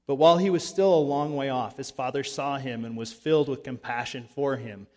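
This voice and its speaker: A man's voice: mid-range voice, fairly quick, darkish tone. A man preaching a sermon in a conversational way, acting out voices when he retells scenes. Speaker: pastor. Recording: long reverb of a large hall.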